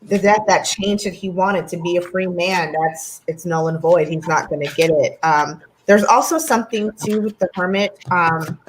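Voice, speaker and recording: An American woman chatting casually as co-host, her voice sitting a little low as she rambles with plenty of ums and side remarks. A faint hiss runs under the recording. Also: moderate pace, hardly any pauses, poor audio. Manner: chatty, many ums,喜 tangents. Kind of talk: casual chat.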